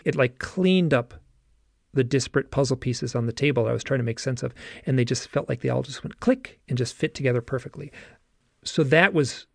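A man's voice: mid-range voice, fairly quick, vocal fry, no room sound, clean studio sound. A man hosting a conversational interview, telling an earnest story with many fillers. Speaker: podcast host.

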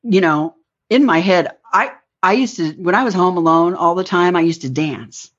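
A woman's voice: on the low side, moderate pace. A woman telling a rambling personal story in an interview, acting out the lines she quotes. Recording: dull lo-fi recording.

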